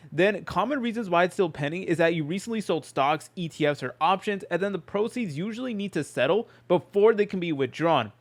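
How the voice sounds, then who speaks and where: A man hosting a how-to tutorial, explaining steps in a quick casual voice-over full of fillers. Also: high-pitched. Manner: rapid, filler-heavy explaining. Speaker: tutorial host.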